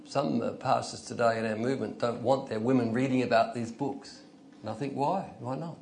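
A man's voice: medium pitch, a little mellow, a little hiss or hum. An older man preaching an informal, conversational sermon, telling stories and rising into emphatic bursts. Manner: conversational, storytelling, chuckles, rises to emphatic bursts.

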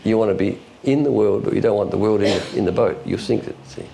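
A man preaching a sermon in a folksy, illustrative way, with quick asides and chuckles. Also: fairly low pitch, gravelly, noisy background. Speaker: pastor.

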